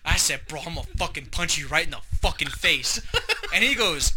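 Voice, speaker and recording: Young guy on a podcast, swearing a lot, super bright voice, kinda high, faint hiss. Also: a little fast. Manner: profane, animated storytelling. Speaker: podcast co-host. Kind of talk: casual chat.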